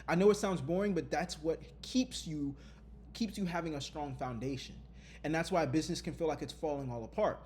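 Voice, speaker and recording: A man vlogging openly to his viewers, earnest and lively, often repeating his phrases. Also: fairly high pitch, a little fast, a little hiss or hum. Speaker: content creator. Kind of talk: candid vlog talk.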